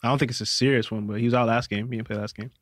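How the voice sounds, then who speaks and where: Man, casual podcast chat, laid-back, drawn-out, middle pitch. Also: fairly even intonation. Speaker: podcast co-host.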